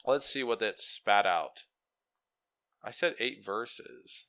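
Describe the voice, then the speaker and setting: A man's voice: fairly low pitch, takes it slowly, a bit bright, smooth. A man hosting a casual solo podcast, rambling and interrupting himself as he muses aloud and reads text off his screen. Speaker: podcast host.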